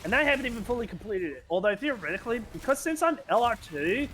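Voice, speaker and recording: A man's voice: very high-pitched, big pitch swings, fast, fairly bright tone, a little hiss or hum. A man chatting casually as a co-player on a stream, teasing and dry. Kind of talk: casual gaming chat.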